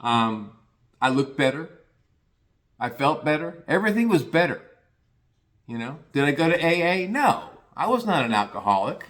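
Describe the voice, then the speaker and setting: A man's voice: a little high, very animated, normal speed, long pauses, fairly bright tone. An older man from the Cincinnati area of the US, talking casually and plainly in a rambling podcast monologue, with frequent restarts and the odd curse.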